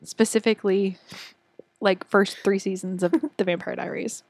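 A woman's voice: mid-range voice, steady tone, moderate pace, darkish tone, slight background noise. A young woman co-hosting a casual chat podcast, giggly and gushing, swearing casually. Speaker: podcast co-host.

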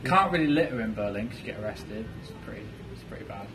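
A man's voice: fairly low pitch, animated, fast talker, background noise. A young man in casual banter with friends, teasing and prompting the others with questions. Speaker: co-host asking questions.

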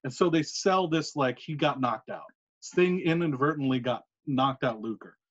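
A man co-hosting a podcast, telling a long story in a casual, animated way with quick asides. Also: medium pitch. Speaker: podcast co-host. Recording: muffled lo-fi recording.

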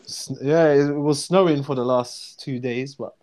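A man's voice: medium pitch, a little slow, a little mellow. A young man with a South London accent chatting as a guest, laughing often and teasing, repeating his phrases. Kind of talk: casual chat.

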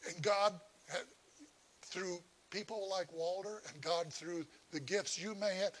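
A man's voice: sits high, measured pace, a little hiss or hum. A man preaching a sermon as pastor, often repeating and restarting words, then driving points home with rising emphasis.

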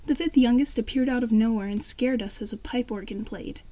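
A woman reads a fan story aloud in a high voice with a dark, mellow tone. Her narration is plain, and she now and then corrects a word partway through. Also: a little fast.

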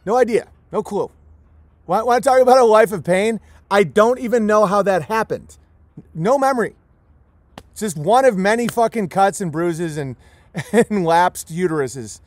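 High-voiced sarcastic ranting man. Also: lively intonation, moderate pace, dry recording. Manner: sarcastic, mocking, abrasive. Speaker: livestream host. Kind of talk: profane ranting monologue.

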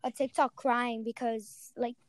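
A young woman hosting a casual chat over a call, excitable and gushing. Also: fairly high pitch, a little slow. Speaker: host.

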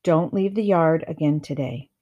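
A woman doing a high-strung, scolding mother. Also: normal speed, dark tone, husky. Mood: firm. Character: anxious, overprotective mother of a young boy.

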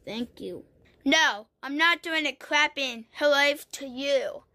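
A woman's voice: high voice, slow, pushed and bright, slight background noise. A woman acting out a homemade toy story, playful and full of exclamations and silly character voices.

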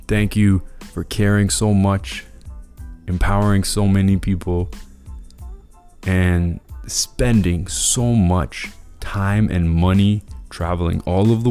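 A man's voice: low-pitched, creaky, dark tone. A man hosting a motivational podcast monologue, enthusiastic and freely profane. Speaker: podcast host.

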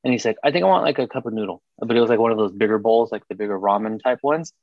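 A man's voice: fairly low pitch, fast, no echo, dull audio. A man co-hosting a casual podcast, telling a story with lots of laughter and swearing. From Mexican-American household. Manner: animated storytelling, laughing, profane. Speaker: podcast co-host. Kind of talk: casual chat.

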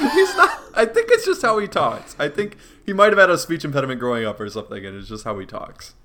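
A man's voice: a little high, very animated, quick pace, bright, forceful tone, a little hiss or hum. A man co-hosting a podcast over a video call, joking and teasing in casual chat and laughing often. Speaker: podcast co-host.

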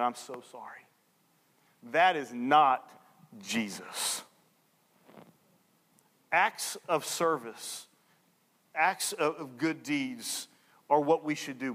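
A male pastor preaching a sermon, telling a story and acting out the people in it with lively energy. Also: medium pitch, big-room sound. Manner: animated storyteller acting out dialogue.

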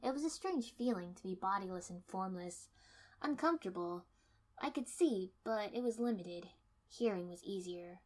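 A woman reading a first-person fiction story aloud in steady storytelling, dipping to soft menace. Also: mid-range voice, moderate pace. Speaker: narrator.

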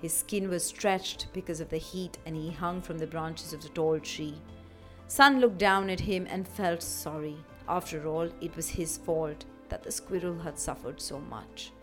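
A woman tells a children's legend for a kids' radio show, her narration expressive and lively. Soft music runs faintly beneath her voice. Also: low voice, unhurried. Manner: expressive, warmly animated storytelling.

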